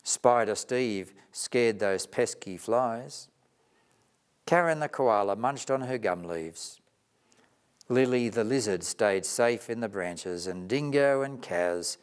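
A man reading a children's story aloud in a gentle, expressive way. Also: fairly low pitch, slow pace, clear, resonant tone.

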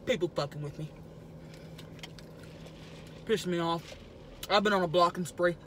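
A woman's voice: fairly low pitch, normal speed, a little hiss or hum, natural voice. A woman playing a brash, crude trailer-park woman who talks while eating noisily in a car. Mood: boastful. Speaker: mukbang vlogger character. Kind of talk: improvised character comedy. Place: inside a car.

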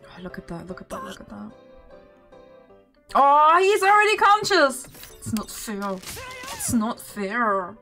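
A young woman streaming a game, commenting live, excitable and swinging between groans and shouts. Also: mid-range voice, moderate pace, gravelly. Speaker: VTuber streamer. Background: faint game music.

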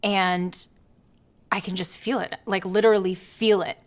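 A woman's voice: mid-range voice, fairly even intonation, a little slow, lightly acted. An actress playing a frustrated young woman in a comedy sketch, anxiously venting to her partner. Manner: anxious, complaining, wants to be heard.

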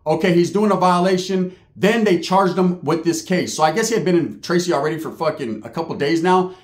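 A streetwise middle-aged man rambling through a story, salty and loose, dropping Spanish slang as he goes. His voice sits a touch high, and the room around him echoes. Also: a little fast. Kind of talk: casual storytelling monologue.

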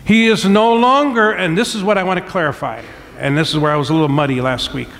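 A man pastor preaching a sermon, emphatic, slowing down to stress key words and calling for amens from the congregation. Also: sits high, a bit bright. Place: church sanctuary. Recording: long hall reverb from church sanctuary.

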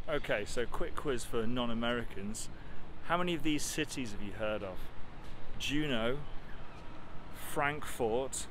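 A man vlogs his travels outdoors, wandering through thoughts with dry, self-mocking humour. His voice sits at an ordinary, middling pitch. Clear street and traffic sounds run behind him the whole time. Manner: rambling, wry, joking asides. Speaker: travel vlogger. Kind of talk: casual travel vlog chat. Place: outdoors in a town.

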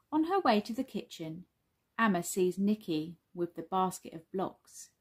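A woman reading a children's story aloud, gentle and expressive. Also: medium pitch, a little slow, slightly rough.

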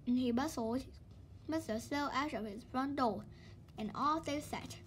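High-voiced woman reading a storybook. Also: a little slow, slight background noise. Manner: lively, expressive read-aloud. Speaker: storybook reader. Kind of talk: reading a children's book aloud.

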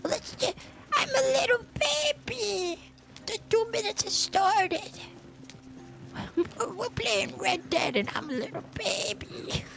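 A man putting on a whiny little baby voice while commenting on a game, straining his throat with high, half-whispered baby talk. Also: animated, takes it slowly, vocal fry, music in the background, exaggerated voice. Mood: babyish. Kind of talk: gaming livestream commentary.

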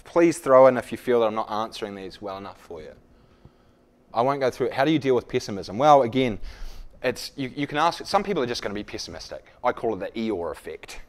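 A fast-talking leadership speaker with a mid-range, animated voice works a live room. His style is conversational and self-deprecating, and he acts out dialogues as examples.

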